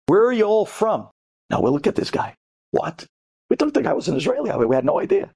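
A man from Brooklyn telling a stirring story to an audience, swinging from loud high bursts to low murmurs and sprinkling in Hebrew and Yiddish terms. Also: wildly swooping pitch, fast talker, vocal fry, breathy edge. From Brooklyn, New York.

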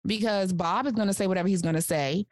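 A woman life coach giving casual podcast advice in a direct, animated way, acting out little examples as she talks. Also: mid-range voice, quick pace, no room sound, clean studio sound. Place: studio couch.

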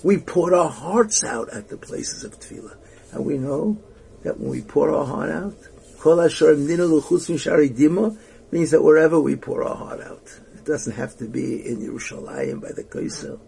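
Gravelly man telling an inspirational story. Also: a little high, normal speed, slight background noise. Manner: animated, sliding between hushed and loud emphasis.

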